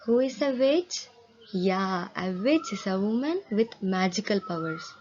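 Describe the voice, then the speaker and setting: A woman's voice: mid-range voice, lively intonation, a little slow, darkish tone, lo-fi sound. A woman teaching an English lesson to children, explaining words patiently and asking her pupils questions. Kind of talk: explaining a textbook story to children.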